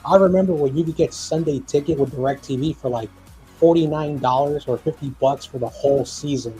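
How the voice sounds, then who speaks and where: A man's voice: on the high side, fairly quick, mellow, faint music behind. A man co-hosting a live football stream in casual chat, rambling, joking and often losing his train of thought.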